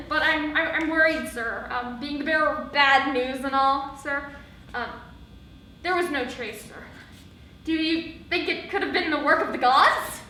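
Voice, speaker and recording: Teen girl as a flustered soldier boy, rambling, giggly, high bright voice, very echoey hall, distant mic. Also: unhurried, a little hiss or hum. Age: teens. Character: bumbling, nervous young male soldier. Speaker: student actor. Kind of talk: live high school stage play. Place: school theatre stage.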